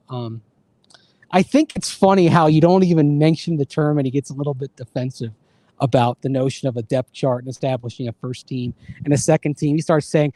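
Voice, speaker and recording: A man's voice: a little high, fairly quick, dark tone, no room sound. A man co-hosting a casual sports radio show. He rambles and restarts his sentences often.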